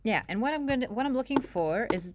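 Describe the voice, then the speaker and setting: A woman narrating a live software demo, chatty and self-mocking, thinking aloud as she works. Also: fairly high pitch, animated, fast talker, slight background noise. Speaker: product demonstrator.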